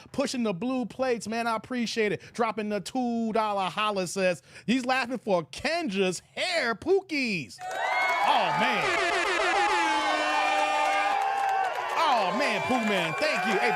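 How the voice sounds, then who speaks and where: A man hosting a casual online reaction show, joking and animated, shouting out viewers. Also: high voice. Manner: animated, joking, laughs often. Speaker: YouTube commentary host.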